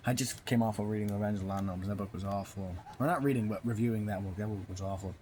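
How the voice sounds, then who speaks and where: A man with a somewhat low voice talks through a book plot off the cuff. He stalls, restarts and fills the gaps as he goes. A faint hum of noise sits under him. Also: a little mellow. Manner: rambling, halting, full of fillers and restarts. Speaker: book reviewer. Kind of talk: casual book review recap.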